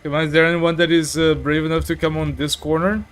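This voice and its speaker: Chatty male game streamer, higher voice. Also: level tone, quick pace, clean tone. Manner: chatty, reads chat aloud, many fillers. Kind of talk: casual live-stream commentary.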